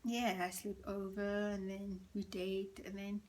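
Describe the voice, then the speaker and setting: A woman tells a storytime vlog at home, in a hushed, half-whispered, gossipy way. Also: medium pitch, monotone, unhurried. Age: 30s. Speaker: vlogger. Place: indoors at home.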